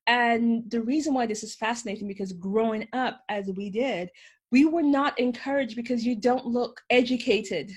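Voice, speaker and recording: A woman hosting a podcast, talking in an animated, emphatic way. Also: fairly high pitch, normal speed, slightly rough. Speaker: podcast host. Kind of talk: casual conversation.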